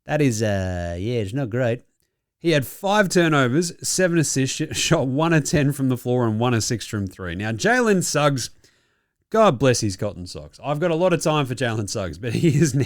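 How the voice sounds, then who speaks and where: With a medium-pitched voice captured in clean, echo-free studio sound, a young Australian man runs a casual basketball podcast, cracking jokes at others' expense, cursing freely, and chuckling a lot.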